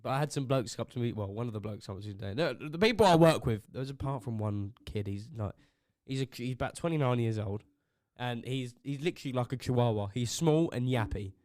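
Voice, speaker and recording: A man's voice: mid-range voice, animated, fast, a little mellow, no room sound, studio quality. A young man, co-hosting a podcast, telling rambling, sweary work stories and acting out what others said. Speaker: podcast co-host. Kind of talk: casual chat.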